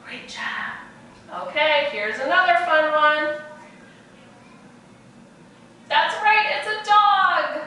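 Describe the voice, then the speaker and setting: A woman teaching preschoolers in a virtual class, speaking in a slow, sing-song, encouraging way. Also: sits high, pushed and bright, recorded from a distance, slight background noise. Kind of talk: virtual class for young children. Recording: echoey room, voice off-mic.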